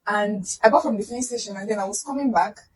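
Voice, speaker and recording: A woman's voice: mid-range voice, fast talker, slightly rough, poor audio. A young Nigerian woman telling a personal story to camera, acting out the voices of the people in it. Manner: animated, acts out voices in the retelling.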